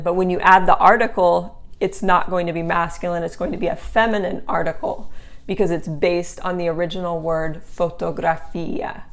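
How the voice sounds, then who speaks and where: A woman teaching a language lesson, patient and clear, repeating words slowly and checking in with "okay?" and "right?". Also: lowish voice. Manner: casual tag questions like okay and right. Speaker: Italian teacher.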